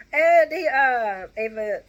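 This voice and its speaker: Brief: woman host, bright chatty delivery, rambling casual recap with restarts. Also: medium pitch. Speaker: soap opera recap host.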